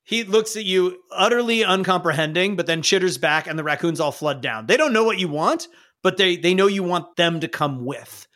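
A man narrating as game master of a tabletop game, playful and quick to laugh. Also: high voice, a bit bright.

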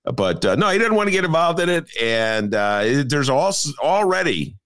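Animated gravelly older man, dry close sound. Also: on the high side, moderate pace, dry recording. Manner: animated, jokey, slips into mock voices. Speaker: podcast co-host. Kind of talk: casual talk about local politics.

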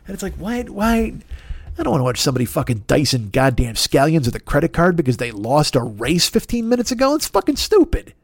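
A man's voice: on the high side, big pitch swings, quick pace, few pauses, dry recording. Profane, exasperated man ranting on a podcast. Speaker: podcast host. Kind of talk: casual comedic rant.

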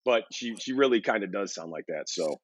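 A man's voice: lowish voice, expressive, fairly quick, no room sound. A man hosting a sports podcast, chatting casually with lots of fillers. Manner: conversational, rambling with fillers. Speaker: podcast host.

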